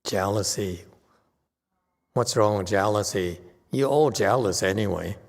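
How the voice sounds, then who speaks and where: Blunt gravelly man lecturing in a hall. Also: lowish voice, measured pace. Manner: blunt, dismissive, argumentative. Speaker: Buddhist teacher. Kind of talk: dharma lecture.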